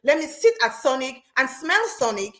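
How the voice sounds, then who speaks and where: A woman with a fairly high voice talks as a show host. She tells her stories animatedly, often repeating phrases for emphasis. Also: moderate pace. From Cameroon. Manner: animated storytelling, repeats herself. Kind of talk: casual chat.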